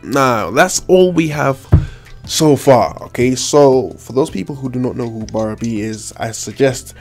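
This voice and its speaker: African accent guy hosting a podcast, mid-pitched voice, rambles and repeats himself, faint music behind. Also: measured pace. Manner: rambling, repeats his phrases. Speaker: podcast host. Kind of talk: casual podcast chat.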